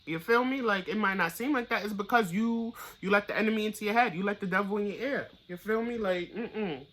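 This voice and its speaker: A tarot reader giving a casual, blunt and profane reading straight to the viewer, getting louder and higher when fired up. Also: fairly quick. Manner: blunt, profane, pep-talk delivery.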